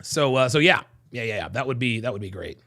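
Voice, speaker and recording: A man hosting a casual livestream, reading chat and telling profane, animated stories. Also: medium pitch, a little fast, gravelly.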